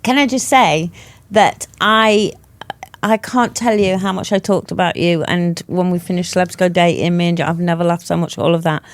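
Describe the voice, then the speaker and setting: A woman's voice: fairly low pitch, normal speed. An older woman hosting a podcast, chatting casually, teasing and laughing easily. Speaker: podcast host. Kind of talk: casual chat.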